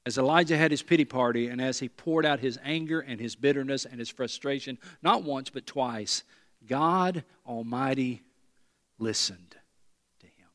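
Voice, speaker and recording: A pastor preaching a sermon to a congregation, talking earnestly and repeating words for emphasis. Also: male voice, mid-range voice, brisk, few pauses, a bit bright. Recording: long reverb of a large hall.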